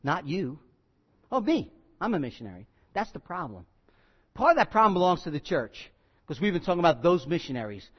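High-voiced emphatic male pastor preaching. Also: expressive, a little fast, dull audio. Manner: emphatic, repeats key phrases, swings from loud to quiet. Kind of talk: sermon.

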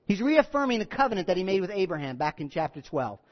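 A man preaching a sermon as pastor, emphatic and repetitive, putting questions to his listeners and moving between hushed and loud delivery. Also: sits high, very animated, quick pace, muffled recording. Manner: conversational, asks the congregation questions.

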